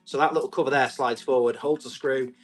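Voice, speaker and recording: A man, selling tools on a live stream, chatty and quick to describe each item and call out the bids. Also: medium pitch, steady tone, soft background music. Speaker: live auction seller.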